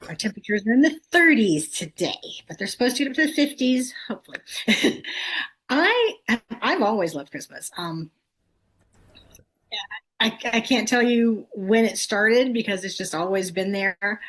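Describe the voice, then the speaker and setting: A woman's voice: on the high side, expressive, moderate pace, a bit bright. A woman guest chatting casually on a talk show, conversational with light laughs. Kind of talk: casual chat.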